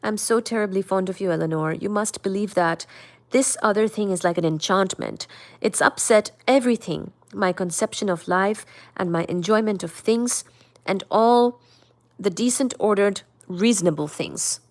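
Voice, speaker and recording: A woman's voice: mid-range voice, moderate pace, darkish tone, natural voice. A woman voicing a troubled, apologetic young man in a novel read aloud, in an earnest, emotional manner. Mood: distraught.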